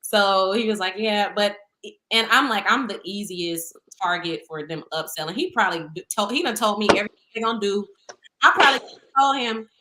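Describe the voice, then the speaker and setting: A woman's voice: a little high, moderate pace, a little hiss or hum. A woman, co-hosting a casual podcast chat, telling stories with lots of laughter and acted-out quotes. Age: 30s. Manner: animated storytelling, laughing often, acting out quotes. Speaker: podcast co-host.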